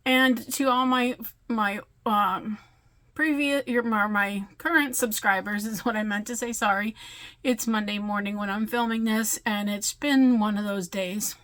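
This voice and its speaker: A woman's voice: medium pitch, fairly even intonation, a little slow, fairly bright tone. A woman vlogging about crochet in a casual, rambling chat, tired and often correcting herself. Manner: chatty, rambling, self-correcting. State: tired, yawning.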